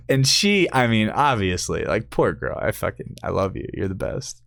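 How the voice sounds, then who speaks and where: A young man hosting a podcast, telling a crude, profane story in casual chat and jumping into high-pitched quoted voices. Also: sing-song, a little slow, no echo, clean studio sound. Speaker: podcast host.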